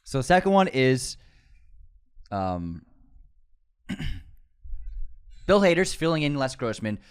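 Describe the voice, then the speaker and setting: A man's voice: mid-range voice, sing-song, slow, clear, resonant tone. A young man co-hosting a comedy podcast, recapping a film from memory, laughing often and acting out lines. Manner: laughs often, acts out movie lines loudly. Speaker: podcast co-host. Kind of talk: comedic movie recap chat.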